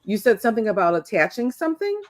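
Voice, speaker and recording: A woman's voice: mid-range voice, very animated, fast talker. A woman co-hosting a casual crafting livestream over a video call. She is curious and asks a lot of questions. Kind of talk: casual chat.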